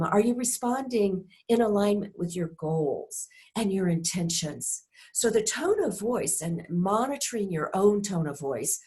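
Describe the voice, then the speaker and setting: A woman teaching a recorded course lesson, speaking deliberately and posing reflective questions. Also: medium pitch, a little mellow. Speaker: course instructor.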